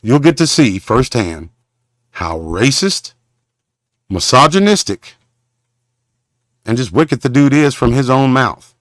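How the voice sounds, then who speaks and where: A man from Southern hosting a confrontational livestream rant, rambling and halting, with preacher-like condemnations. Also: medium pitch, very animated, a bit bright, no room sound, studio quality. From Southern Oklahoma. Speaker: show host.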